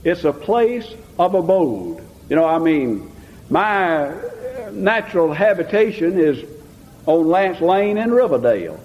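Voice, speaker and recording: An older preacher with a high, bright voice tells homespun stories and builds to fervent preaching. The sound is dull and lo-fi, and it echoes with the long reverb of a hall. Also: male voice, big pitch swings, a little slow. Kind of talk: folksy sermon with anecdotes.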